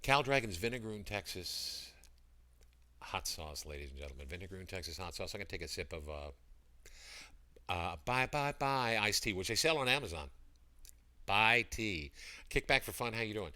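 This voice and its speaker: Over a computer mic, a male livestream seller chats casually, pitching products between greeting viewers by name and breaking into sung jingles. His deep but bright, clear voice rambles amiably at a moderate pace, swinging widely in pitch and pausing often.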